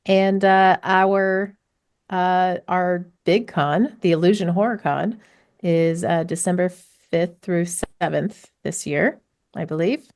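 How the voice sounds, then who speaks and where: Woman game master, slow, hesitant, fillers, closing chat. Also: fairly low pitch, a little mellow.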